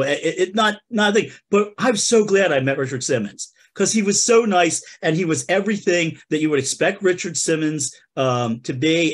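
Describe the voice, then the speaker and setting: A man hosting a comedy podcast, telling a funny story in a playful way and talking straight to the listeners. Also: a little high. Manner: playful, addresses listeners as folks. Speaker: podcast host. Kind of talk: comic storytelling.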